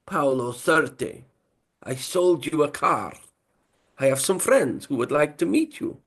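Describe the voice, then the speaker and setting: A man's voice: a little high, lively intonation, a little slow, a bit bright, slightly rough, voice pushed up, full character voice. A man voicing a menacing Italian mobster with a put-on Italian accent, drawn out and threatening.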